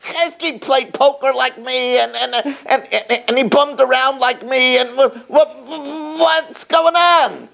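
A man playing an indignant, bewildered old man in the afterlife, stammering out his protest in a raised, squeaky voice. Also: steady tone, takes it slowly, gravelly, few pauses, bright, forceful tone, full character voice.

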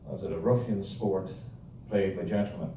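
Man, low deep voice, dark tone, rambling joke-teller, distant mic, echoey room. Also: normal speed, slight background noise. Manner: rambling, joke-telling, self-interrupting. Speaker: guest speaker. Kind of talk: humorous talk to a club. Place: club meeting room.

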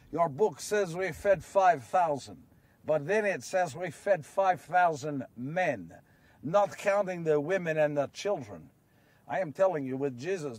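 A man's voice: a little high, far from the mic. A man playing an earnest apostle who recalls miracles in a first-person monologue, telling the story and asking his listeners questions, recorded outdoors. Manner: storytelling, rhetorical questions to listeners, builds to shouts. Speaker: actor in a one-man biblical monologue. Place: outdoors on location.

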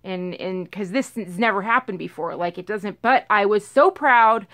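A woman casually telling a storytime on her vlog, rambling and animated, acting out what everyone said. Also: mid-range voice, moderate pace. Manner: rambling, animated retelling full of "like" and acted-out quotes. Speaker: vlogger telling a storytime about her cat.

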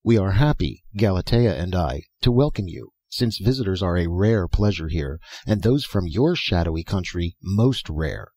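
An ancient gray-bearded patriarch speaks formally and solemnly, voiced by a male reader. The voice is husky and fairly low, in a dry, close recording. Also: animated, moderate pace, few pauses, darkish tone, no room sound.

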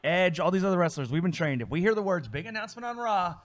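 Animated man talking wrestling. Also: high voice. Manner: animated, recaps storylines with quick acted quotes. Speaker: co-host. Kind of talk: casual chat.

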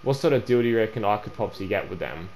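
A man's voice: lowish voice, expressive, very fast, a little mellow, a little hiss or hum. A young man, a gaming YouTuber, chatting casually during an online trade prank, stammering and repeating himself and calling the other player "bro" and "man".

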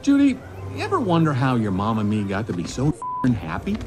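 An actor playing a cheerful middle-aged rabbit farmer dad in an animated film, talking in a folksy, chatty way. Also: male voice, mid-range voice, a little fast, over loud music.

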